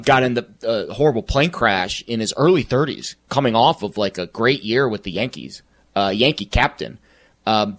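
A man co-hosting casual sports talk, earnest and halting, with many fillers. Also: medium pitch, fairly bright tone.

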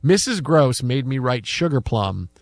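A man's voice: medium pitch, very animated, measured pace, no echo, studio quality. A man in his fifties hosting a sports talk show, chatting loosely and telling rambling stories with lots of repeated yeahs. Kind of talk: casual chat.

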